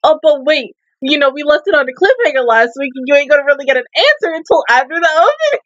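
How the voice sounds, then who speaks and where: High-voiced exasperated woman ranting. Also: very animated, quick pace, fairly bright tone, dry recording, lo-fi sound. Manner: exasperated, swearing, laughing rants. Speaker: anime reaction host. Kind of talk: casual reaction commentary.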